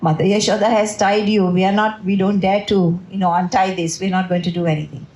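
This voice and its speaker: Timid cowherd boys , voiced by a woman storyteller, hurried, roomy echo. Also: mid-range voice, fairly even intonation, darkish tone, muffled recording, natural voice.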